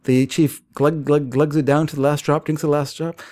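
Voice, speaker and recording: A man's voice: on the high side, normal speed. Easygoing man recapping a story. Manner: relaxed storytelling with fillers and small laughs. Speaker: podcast co-host. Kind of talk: casual chat recapping a comic.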